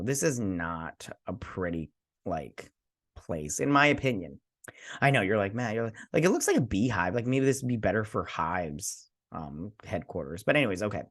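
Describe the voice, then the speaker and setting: A man's voice: on the low side, fairly bright tone. Rambling sarcastic man recapping a show. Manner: rambling, sarcastic, mock-quotes characters. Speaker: host. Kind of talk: casual episode recap and review.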